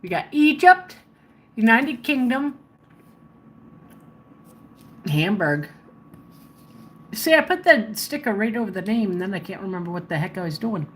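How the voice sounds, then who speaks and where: A woman live-streaming from her home, talking slowly and casually into a phone held in her hand. She murmurs to herself as she hunts for places on a map, with a faint hiss behind her voice. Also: mid-range voice, animated, fairly bright tone. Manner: chatty, muttering to herself while searching a map. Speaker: livestreamer. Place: at home, indoors. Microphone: handheld phone.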